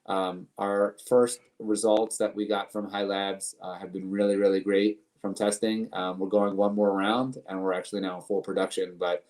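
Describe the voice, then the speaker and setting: Low, flat-voiced man in earnest interview. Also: normal speed, few pauses. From United States. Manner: earnest, piles up long lists and repeats words. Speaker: guest, company co-founder. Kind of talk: casual interview.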